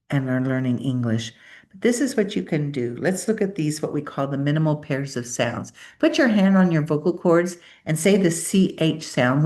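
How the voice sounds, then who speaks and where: A woman's voice: low-pitched, a little mellow. A middle-aged woman whose first language is Spanish gives a conference presentation, demonstrating speech sounds aloud and coaxing listeners to repeat them. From Spanish-speaking.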